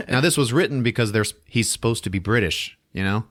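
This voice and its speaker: A man hosting a podcast, giving a comedic movie recap in a lively, profane style and laughing often. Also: on the low side, fast talker, hardly any pauses. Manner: animated, swearing, laughing often. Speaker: podcast host.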